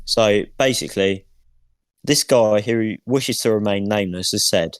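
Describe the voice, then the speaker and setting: A man with a low, monotone voice co-hosts a casual podcast. He reads aloud in a deadpan, joking way and swears offhandedly. The sound is dry and close. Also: measured pace, clear, resonant tone, dry recording. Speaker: podcast co-host. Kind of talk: casual chat, reading fan mail aloud.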